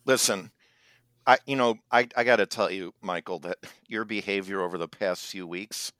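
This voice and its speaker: Very deep, smooth-voiced rambling man. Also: moderate pace, fairly bright tone, no echo, studio quality. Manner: rambling, hesitant, full of ums and uhs. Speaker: co-host. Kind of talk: comedic casual chat.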